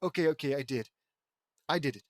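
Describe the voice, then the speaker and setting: A man's voice: fairly high pitch, fairly quick, no room sound, studio quality, lightly acted. A man reading the lines of a flustered male school principal in a storybook reading. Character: male school principal, secretive comic fan.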